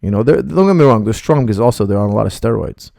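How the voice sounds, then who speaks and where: Middle-aged coach guy, gravelly and dark, blunt rambling livestream q&a. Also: lowish voice, lively intonation, quick pace, no room sound, clean studio sound. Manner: blunt, rambling, reads out viewer questions. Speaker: martial arts coach. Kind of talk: live Q&A stream.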